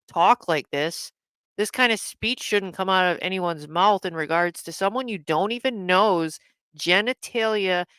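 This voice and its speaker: Forceful, indignant woman streamer. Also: on the low side, no room sound. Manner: indignant, repeats herself, swears. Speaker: livestream host. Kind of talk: livestream reaction commentary.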